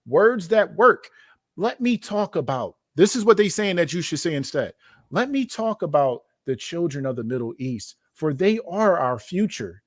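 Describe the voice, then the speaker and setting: A man's voice: fairly high pitch, sing-song, normal speed, no room sound, clean studio sound. A man hosting a commentary show, reading quoted passages aloud and then commenting on them emphatically with rhetorical questions. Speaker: host reacting to documents.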